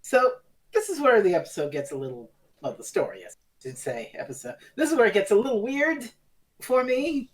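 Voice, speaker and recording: A man co-hosting a podcast, chatting casually about a TV serial, animated and swearing freely as he acts out quotes. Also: high voice, fairly quick. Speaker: podcast co-host. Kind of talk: casual review chat.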